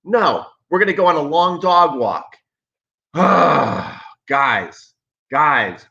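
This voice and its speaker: A man's voice: fairly high pitch, expressive, very slow, gravelly, bright, forceful tone, muffled recording. A man hosting a live tennis stream, talking in a sarcastic, emphatic way and repeating himself for effect. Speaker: tennis coach and channel host.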